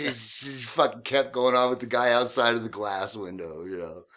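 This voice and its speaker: A man who drives a cab, hosting a podcast and telling taxi stories in a casual, animated way, often laughing. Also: mid-range voice, normal speed, few pauses. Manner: animated, laughing, swearing storyteller.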